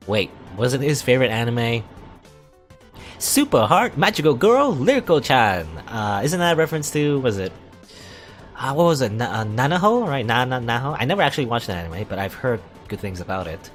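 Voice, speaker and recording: A man's voice: mid-range voice, sing-song, normal speed, soft background music. A young man playing a visual novel, reading its narration aloud and rambling between lines with stammers. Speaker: let's play gamer.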